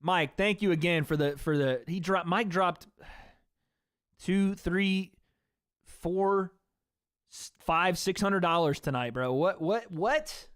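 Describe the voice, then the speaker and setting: A male livestream host with a hoarse, worn-out voice, rambling casually to his chat and swearing freely. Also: high voice, slow pace, fairly bright tone, no room sound, studio quality.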